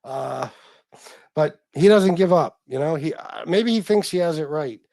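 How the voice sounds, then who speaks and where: A man's voice: a little high, animated, a little slow, creaky, dark tone, dry recording. A man, chatting casually on a livestream as host, swearing freely and answering viewers.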